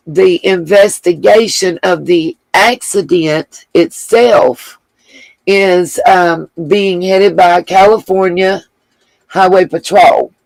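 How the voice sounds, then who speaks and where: On a casual livestream, a woman host reads viewer comments aloud and thanks them with gushing endearments. Her voice is on the low side and gravelly, captured in a low-quality recording with no room sound.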